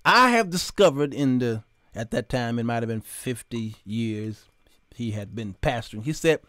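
A man hosting a live talk show, telling stories with animated, preacher-like emphasis and greeting viewers by name. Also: mid-range voice, moderate pace, smooth, dry recording, studio quality. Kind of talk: live talk show monologue with chat shout-outs. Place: studio.

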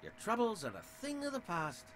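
An actor with an Irish accent playing a sly, theatrical middle-aged saloon owner in a video game. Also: male voice, very high voice, very animated, brisk, a bit bright, a little hiss or hum, heavily acted. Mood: welcoming. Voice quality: theatrical, smug and oily.

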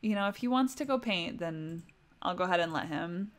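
A woman's voice: on the low side, lively intonation, brisk. Young woman, livestream host, chatty gameplay commentary, keeps talking to her game characters. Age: young adult.

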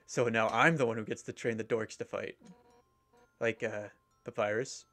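A man's voice: on the low side, fairly bright tone. A man voicing a brash, fierce female fish warrior captain in a video game, with blunt, boastful delivery over faint game music. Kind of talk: reading game dialogue aloud.

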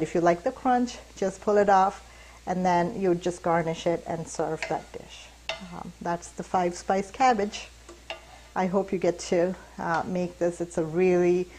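A woman's voice: medium pitch, slight background noise, low-quality recording. A woman hosting a cooking show, talking casually through a recipe with plenty of fillers. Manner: relaxed, chatty, many fillers. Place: kitchen.

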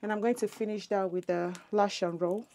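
A woman's voice: medium pitch, steady tone, fairly quick, noisy background. A woman, chatting casually and muttering to herself as she does her makeup in a get-ready-with-me beauty vlog at home. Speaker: beauty vlogger.

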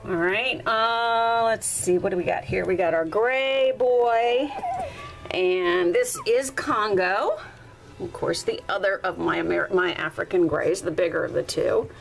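A woman's voice: measured pace, creaky, rough recording. Chatty woman filming a puppy litter. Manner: chatty, coos at the puppies in a high baby-talk voice. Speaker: dog breeder. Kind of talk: casual narration while filming puppies. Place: indoors at a puppy litter area. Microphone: handheld camera, filming one-handed.

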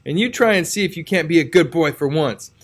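A scolding old aunt , as a male reader puts her on, her voice pitched high above a man's usual talk and pushed out sharply. She fires off reproachful questions in a storybook reading. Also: lively intonation, brisk. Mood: softened. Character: stern old aunt, scolding then softening.

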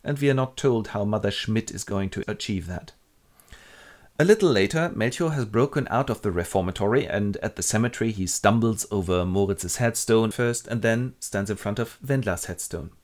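A man hosting a comic retelling of a classic play, with wry deadpan asides. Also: lowish voice, a little fast, hardly any pauses. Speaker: host.

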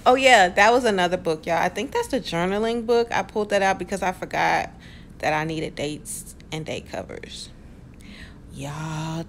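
A woman's voice: lowish voice, moderate pace, vocal fry. A woman vlogger chatting in a casual voice-over, playful and rambling, talking straight to her viewers with self-amused asides. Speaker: planner vlogger.

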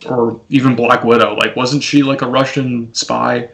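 A man's voice: medium pitch, little pitch movement, moderate pace, vocal fry, a bit bright, a little hiss or hum, low-quality recording. A man hosting a casual film podcast over a video call, rambling, laughing often and acting out what people say. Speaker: podcast host.

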